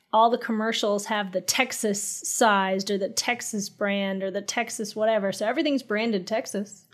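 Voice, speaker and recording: A woman who is an attorney, appearing as a podcast guest and speaking in a friendly, enthusiastic way. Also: medium pitch. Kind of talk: casual podcast chat.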